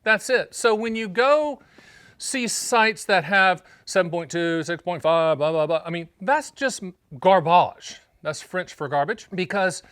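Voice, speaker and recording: A man from North Carolina hosting his own show as an annuity agent, talking straight to camera in an energetic, joking, emphatic way. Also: high voice, a little slow, clear, resonant tone, no room sound. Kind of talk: casual direct-to-camera explainer.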